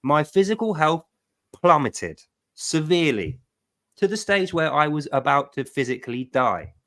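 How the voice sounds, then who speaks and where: A middle-aged man hosting a livestream, telling a personal testimony with emphatic, animated storytelling. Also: fairly high pitch, moderate pace. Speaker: livestream host.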